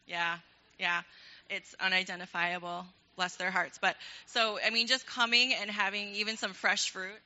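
A woman's voice: medium pitch, level tone, normal speed, sharp tone, muffled recording. A young woman leading a ministry program, addressing a church in a casual, enthusiastic, chatty way with frequent laughter.

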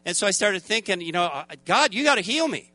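A male preacher, telling a story in a folksy, animated way, laughing often and acting out the voices of the people in it. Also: high-pitched, quick pace, no echo. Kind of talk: storytelling sermon.

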